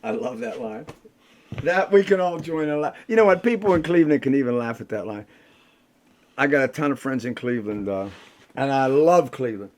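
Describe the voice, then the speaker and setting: An older man, a rock musician bantering with the audience between songs and telling stories in a salty, rough-edged way. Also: medium pitch, animated, a little fast. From Pittsburgh. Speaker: rock musician performing a solo show.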